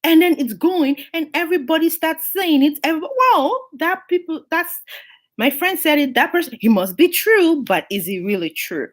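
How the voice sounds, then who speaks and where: A woman from Africa reviews a book by retelling an old fable, talking it through. Her voice sits a little high and swoops widely as she acts out the characters with sudden jumps in pitch. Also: normal speed. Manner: animated storytelling, acting out characters with pitch jumps. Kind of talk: retelling a folk tale and reflecting on it.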